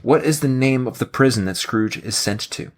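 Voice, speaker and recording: A man with a medium-pitched voice runs a relaxed trivia game on a podcast at normal speed. Joking and laughing frequently, he brings an animated quizmaster style.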